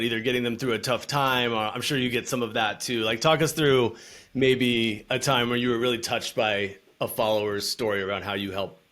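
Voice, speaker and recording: A man's voice: medium pitch, fairly bright tone. A man hosting a podcast interview, asking long, rambling questions that restart midway. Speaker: podcast host.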